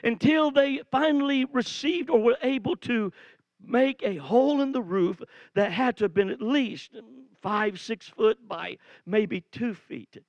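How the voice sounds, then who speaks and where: A man preaching a sermon, telling a Bible story with animated energy and acting out the quoted lines, rising to shouts. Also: very high voice, measured pace, dry recording, highs cut off.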